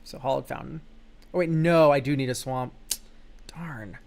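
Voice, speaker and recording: This young streamer's voice is mid-range and gravelly, at a normal speed, with a slight hiss or hum on the recording. He goes over card game decks in a loose, joking live chat, cursing occasionally and letting out silly exclamations.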